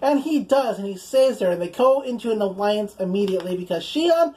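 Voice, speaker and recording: A young woman casually recapping anime episodes, chatty and relaxed, full of "like" and casual swearing. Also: mid-range voice, a little fast, slight background noise, low-quality recording. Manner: chatty, fills speech with "like", swears casually, acts out quoted lines in passing. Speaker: anime reviewer.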